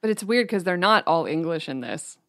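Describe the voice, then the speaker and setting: A woman's voice: fairly low pitch, lively intonation, fairly quick, dry recording. Wry woman joking about a film, dry sound. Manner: joking, wry, reads out her notes. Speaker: podcast co-host. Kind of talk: casual film review chat.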